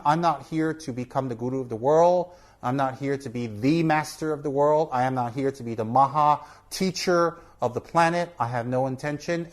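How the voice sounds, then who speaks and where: A man, a Buddhist teacher, talking informally to camera, earnest and repetitive, often checking in with "okay?". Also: mid-range voice. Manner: earnest, repeats for emphasis, asks "okay?".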